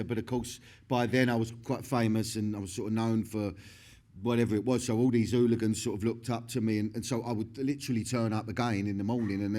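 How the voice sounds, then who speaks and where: A middle-aged man with a low, slightly mellow voice gives a candid stage interview. He swears constantly, laughs often and keeps restarting his sentences, rambling in a profane way.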